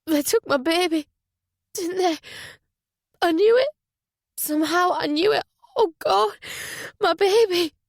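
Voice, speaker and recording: A woman reading a fragile young amnesiac hospital patient in an audiobook, with a soft, hushed voice. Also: fairly high pitch, slow, creaky, husky, no room sound, clean studio sound, heavily acted. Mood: panicked.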